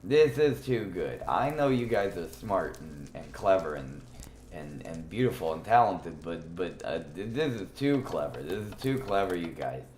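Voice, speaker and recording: A man's voice: sits low, very animated, moderate pace, darkish tone, a little hiss or hum. A man livestreaming a game, chatting playfully and teasing his viewers. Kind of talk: casual gaming livestream chat. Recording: roomy echo with faint music.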